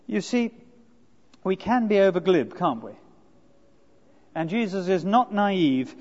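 High-voiced preacher man in a hall. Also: sing-song, takes it slowly, pauses often, a little mellow. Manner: earnest, asks rhetorical tag questions. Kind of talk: expository sermon. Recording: dull lo-fi sound with long hall reverb.

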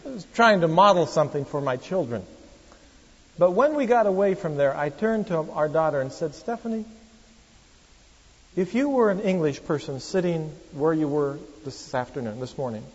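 A pastor, preaching a sermon in a storytelling, conversational manner with wry asides to the congregation. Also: male voice, on the high side, expressive, normal speed, breathy edge. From Oregon, USA. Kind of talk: sermon with anecdotes. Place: church. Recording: echoey church hall, dull lo-fi sound.

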